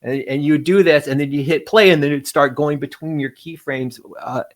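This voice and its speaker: A fairly high-voiced middle-aged man telling stories as an interview guest. He talks in a lively, animated way, slipping into put-on voices for quotes and laughing along the way. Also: brisk. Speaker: interview guest, game developer. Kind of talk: casual storytelling interview.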